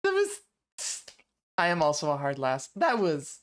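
A woman's voice: low voice, wildly swooping pitch, unhurried. A young woman streaming live, chatting casually and laughing often as she reacts to a video.

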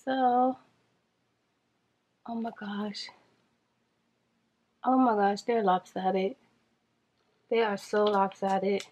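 A woman chatting to viewers in a casual makeup challenge vlog, flustered and rushing against a timer. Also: mid-range voice, fairly even intonation, darkish tone, slight background noise, poor audio. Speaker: beauty vlogger.

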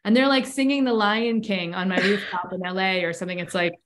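A woman's voice: medium pitch, fairly even intonation, fairly quick, fairly bright tone, slight background noise. A woman who coaches breathwork and cold exposure, explaining enthusiastically in a casual interview with long flowing sentences.

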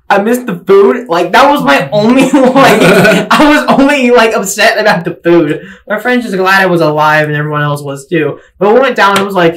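A man telling a story on a casual podcast, excitable and rambling, with lots of fillers and laughter. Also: high-pitched, normal speed, low-quality recording. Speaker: podcast co-host telling stories. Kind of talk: casual chat, animated storytelling.

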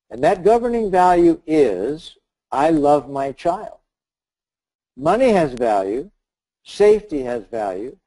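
A man's voice: on the high side, rough recording. A man leading a webinar, giving a motivational talk and acting out the lines of a story he tells. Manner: storytelling, acts out dialogue, shouts in the story. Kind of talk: motivational talk with a told scenario.

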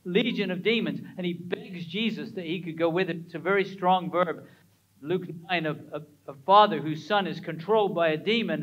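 High-pitched middle-aged guy preaching in church, keeps quizzing the crowd, big emphatic delivery. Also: a bit bright, low-quality recording. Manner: emphatic preaching, asks the congregation questions. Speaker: pastor. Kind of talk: sermon.

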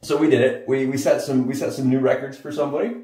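A man's voice: medium pitch, fairly even intonation, fast, dark tone. A man chatting enthusiastically to viewers while shaving his head, often calling them guys. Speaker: shaving vlogger. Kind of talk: casual chat to camera while head shaving. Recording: roomy echo, mic at a distance.

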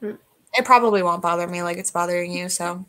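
A woman in a casual book club chat over a video call, teasing and asking quick questions. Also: fairly low pitch, pushed and bright, slight background noise.

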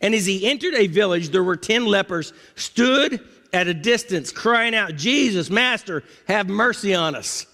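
A man preaching a sermon as pastor, dramatic, swinging from low murmurs up to high cries. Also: lively intonation, measured pace, bright, forceful tone. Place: church sanctuary. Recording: long church reverb.

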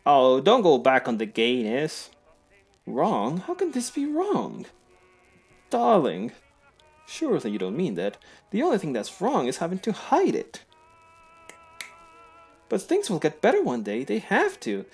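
A flamboyant, dramatic male adventurer, as a man puts him on, swooping wildly up and down in pitch. The voice is gravelly and husky, flirtatious, and forever calling someone darling. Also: huge pitch swings, measured pace, long pauses, faint music behind, heavily acted. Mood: pleading. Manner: theatrical, flirtatious, calls everyone darling.

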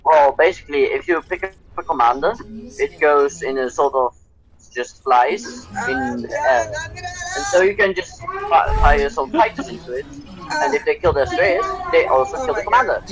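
A man's voice: a little high, sing-song, moderate pace, a crowd in the background, low-quality recording. A Dutch man with a slightly British-sounding accent, casually explaining game tactics while he plays. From Netherlands. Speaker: host playing and commenting.

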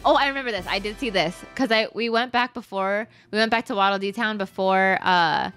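A young woman commenting on her own game playthrough, excitable, gasping and squealing often. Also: mid-range voice, a little fast. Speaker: gaming streamer. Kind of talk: let's play commentary. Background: game music.

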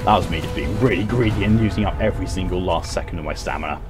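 A man's voice: deep voice, very fast, over music. A man giving casual, self-mocking commentary while he plays a game on stream, often laughing at his own mistakes. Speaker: gaming streamer.

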